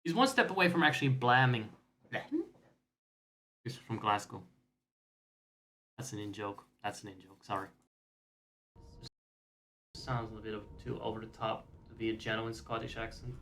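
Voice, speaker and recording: A man streaming a video game, chatting casually in a rambling, joking way, with swearing, often trailing off softly. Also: fairly low pitch, moderate pace, pauses often, slight background noise. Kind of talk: casual gameplay commentary.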